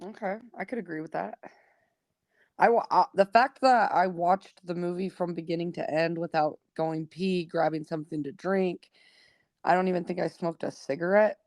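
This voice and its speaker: A woman's voice: lowish voice, fairly even intonation, normal speed, a little mellow, dry recording. A woman co-hosting a casual movie review chat, rambling and profane, laughing often, with a smoker's cough. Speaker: podcast co-host.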